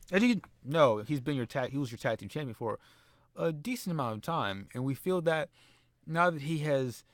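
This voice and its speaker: A man doing a smooth-talking male wrestling agent. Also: medium pitch, no room sound, clean studio sound, natural voice.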